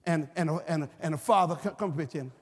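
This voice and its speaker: A pastor preaching a fervent, shouting sermon in repeated phrases. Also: male voice, on the high side, a little fast, slightly rough. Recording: reverberant church hall with music.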